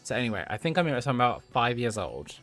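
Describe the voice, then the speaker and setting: A man's voice: medium pitch, sing-song, fast talker, a bit bright, soft background music. A man in his thirties, a livestream host telling a story to his chat, talking casually and laughing often. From United Kingdom. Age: 30s.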